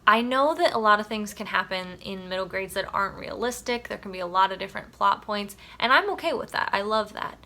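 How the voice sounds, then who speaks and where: A woman chatting casually in a book review vlog, animated and emphatic. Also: mid-range voice, brisk, hardly any pauses.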